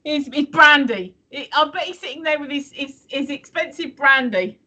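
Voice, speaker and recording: A woman's voice: high-pitched, moderate pace, pushed and bright, lo-fi sound. A woman co-hosting a live stream in casual, teasing chat, swearing freely. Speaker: stream co-host.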